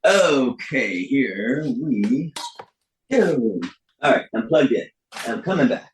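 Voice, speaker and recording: A man in his sixties, an actor speaking as a guest over a video call, animated and often correcting himself with laughs. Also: mid-range voice, slow pace, slight background noise. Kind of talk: remote interview.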